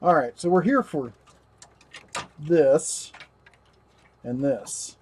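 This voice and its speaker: A man's voice: a little high, animated, extremely slow, darkish tone, a little hiss or hum. A man hosting a livestream while rebuilding a computer, chatting casually, talking to his parts and his dog. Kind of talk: casual live tech narration.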